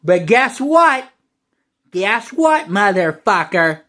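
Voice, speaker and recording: Slow, brash, foul-mouthed man ranting. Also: high-pitched, big pitch swings, sharp tone. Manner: exaggerated brash persona, heavy swearing, rambling. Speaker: online video creator. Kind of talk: rambling profane monologue to camera.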